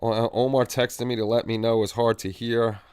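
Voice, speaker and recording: A man's voice: mid-range voice, little pitch movement, normal speed, a little mellow, smooth, no echo, studio quality. A man hosting a livestream, chatting casually and reading viewer comments in a rambling, easygoing way with repeated phrases. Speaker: livestream host. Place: home hobby room.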